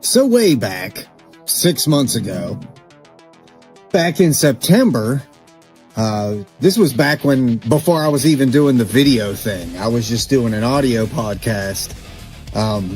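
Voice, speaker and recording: A man's voice: mid-range voice, a little mellow. A man recapping on his old audio podcast in a casual, dismissive tone. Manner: dismissive, offhand. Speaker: podcast host.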